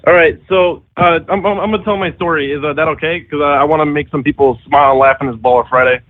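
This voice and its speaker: Male radio caller, hesitant storyteller, slightly high voice, phone-quality sound. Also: steady tone, quick pace. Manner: hesitant, lots of uhs. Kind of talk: telling a story on a call-in show. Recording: tinny phone line.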